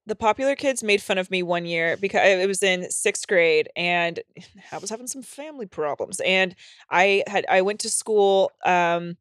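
A woman co-hosting a podcast, telling a self-mocking story in an animated, profane casual way. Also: mid-range voice, moderate pace, clear, resonant tone, no echo, clean studio sound. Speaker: podcast co-host.

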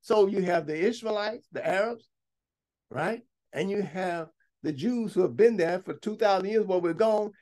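A man preaching a sermon, reading scripture aloud and breaking off to comment and stress his points. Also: moderate pace. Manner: bursts to high, loud emphasis at times.

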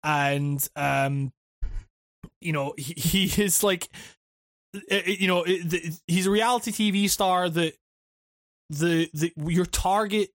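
A man with a fairly high voice co-hosting a casual podcast. He rambles through his points with many restarts and fillers, recorded dry with no room sound. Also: slow pace, long pauses, fairly bright tone, dry recording. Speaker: podcast co-host.

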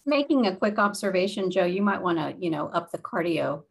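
A woman co-host with a lowish, husky voice that has a gravelly edge. She talks in a teasing, upbeat way in casual podcast chat. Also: animated, fairly quick. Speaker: guest co-host.

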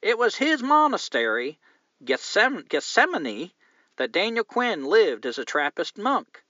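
A man's voice: sits high, sing-song, measured pace, bright, forceful tone, no room sound, lo-fi sound, pitched above the performer's own voice, full character voice. A man reading a male listener's letter in a put-on Southern US accent, raised and emphatic.

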